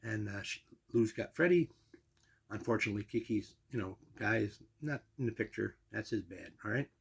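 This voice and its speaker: A man's voice: on the low side, expressive, normal speed. An older man telling a long personal story in a rambling, casual way, full of asides and restarts. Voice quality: gravelly, husky.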